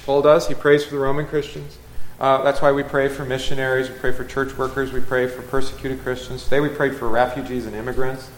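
A man's voice: mid-range voice, little pitch movement, fairly quick, a little hiss or hum. A man leading a Bible study as a pastor, teaching conversationally, asking the group questions and correcting himself as he goes. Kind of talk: casual Bible class teaching.

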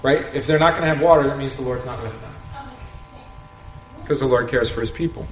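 Leading an informal Bible study, a man speaks at medium pitch, a little fast, pausing often. He talks conversationally, poses rhetorical questions and chuckles frequently. The room has an echo and faint background noise.

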